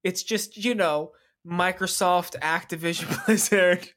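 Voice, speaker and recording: A man's voice: high voice, measured pace, a bit bright. Playful man co-hosting a podcast. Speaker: gaming podcast co-host. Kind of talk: casual podcast chat.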